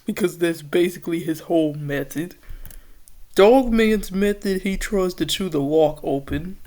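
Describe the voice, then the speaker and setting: Slow-talking woman reading a story aloud. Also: on the low side. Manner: laughing, excitable asides. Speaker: host. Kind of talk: reading and reacting to a fan story.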